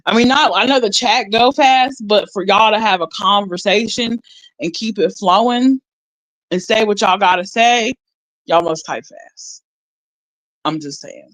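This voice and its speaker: A woman's voice: medium pitch, a little slow, fairly bright tone, no echo, rough recording. A woman chatting casually on a livestream, rambling and laughing as she reads her viewers' chat aloud.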